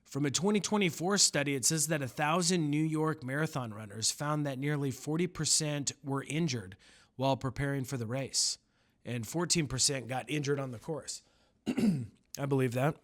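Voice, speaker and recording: A man hosting a casual solo podcast, rambling through news with crude jokes, swinging between loud outbursts and mutters. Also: mid-range voice, moderate pace. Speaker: podcast host.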